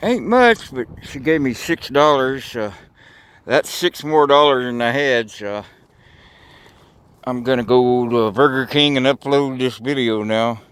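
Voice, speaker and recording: Slow-talking folksy man outdoors. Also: mid-range voice, steady tone, fairly bright tone, clean tone. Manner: rambling, folksy, swears casually. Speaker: vlogger. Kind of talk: casual outdoor vlog narration. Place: outdoors by railroad tracks.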